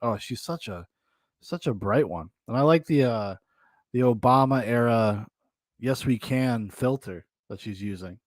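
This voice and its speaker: A man's voice: medium pitch, animated, measured pace, no room sound, studio quality. A man hosting a podcast in loose, rambling casual chat, often laughing. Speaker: podcast host.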